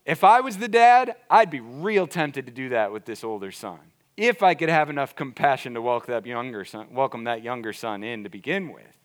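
A man's voice: mid-range voice, expressive, normal speed, few pauses. A man preaching a sermon as a pastor, earnest and emphatic, repeating his key points.

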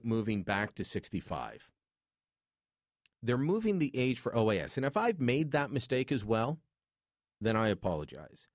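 A man's voice: fairly low pitch, dry recording, studio quality. Opinionated male radio talk host. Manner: chatty, opinionated, conversational.

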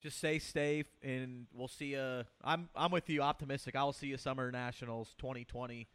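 A man in a casual podcast chat kids around with his friends in a relaxed way. His voice is mid-pitched and even. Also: moderate pace, clear, resonant tone.

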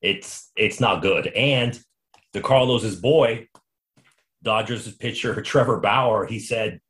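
A man with a somewhat low voice hosts a casual sports podcast. He talks in an animated, quick way and often restarts his sentences as he tells a story. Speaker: podcast host.

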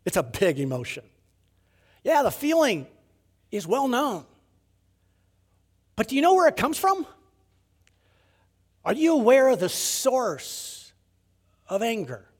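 A man delivers a sermon in a fairly high voice that climbs and falls with great liveliness. He pushes hard on key words, then sinks to hushed, almost whispered endings. He leans on rhetorical questions and repeats words for emphasis. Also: takes it slowly, pauses often, long reverb tail. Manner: animated preaching, rising to emphasis then dropping to near-whispers. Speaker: pastor.

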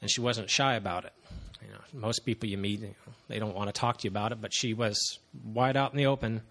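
A man in his thirties shares his personal testimony before a congregation. His voice sits fairly low, and he speaks earnestly and haltingly, often pausing on fillers. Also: steady tone, fairly bright tone. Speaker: church member giving testimony.

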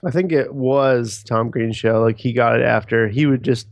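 A man's voice: medium pitch, steady tone, no echo. A man co-hosting a podcast, chatting casually, laughing often and swearing. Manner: laughing, profane, quick impressions. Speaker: podcast co-host. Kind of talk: casual chat.

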